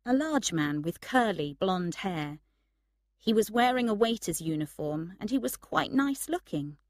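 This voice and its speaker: Woman, audiobook narration for learners, unhurried, dry close sound. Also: mid-range voice, expressive, no room sound. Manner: slow, clear reading for learners. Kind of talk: graded-reader audiobook narration.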